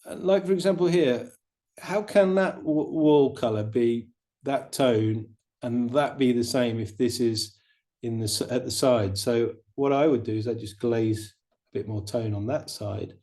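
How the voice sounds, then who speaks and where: A middle-aged man teaching watercolor painting, chatting in a relaxed way and explaining each step as he paints. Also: medium pitch, unhurried. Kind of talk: painting demonstration.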